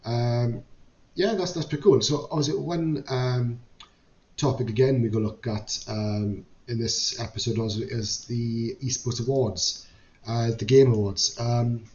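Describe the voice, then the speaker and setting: A man's voice: medium pitch, steady tone, measured pace, darkish tone. Hesitant man in a roomy, muffled recording. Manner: hesitant, many fillers and restarts. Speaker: podcast host. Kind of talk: casual podcast chat. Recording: roomy, dull lo-fi audio with faint noise.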